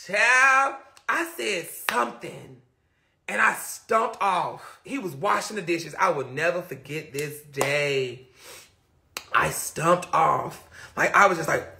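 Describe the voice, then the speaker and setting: Man, very high and bright voice, lively swings, dramatic casual storyteller on a phone stream. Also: slow, gravelly. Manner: animated, dramatic retelling with outbursts. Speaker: live-stream host. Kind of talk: casual storytelling to live viewers.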